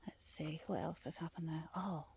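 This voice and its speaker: A middle-aged woman casually telling ghost stories on a night walk through the woods, often dropping into a hushed whisper. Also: sits low, fairly even intonation, moderate pace, creaky, slight background noise. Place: woodland trail outdoors at night.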